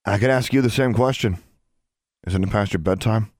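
A man's voice: on the low side, normal speed, darkish tone, no room sound, clean studio sound, voice pushed up, close to an everyday voice. A man doing a wry, grieving teenage boy. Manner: casual, teasing.

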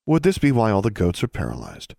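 A man with a low voice voicing a large, cheerful female witch custodian who talks in a brisk, breezy and casually crude way. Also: huge pitch swings, vocal fry, darkish tone, no room sound, studio quality, exaggerated voice. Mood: amused.

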